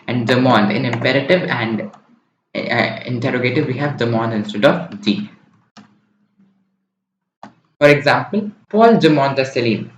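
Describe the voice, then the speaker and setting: A man with a mid-range voice tutors French in an online exam-prep lesson, explaining step by step and often checking in with "right?" and "okay?". The recording is roomy, dull and lo-fi, with slight background noise.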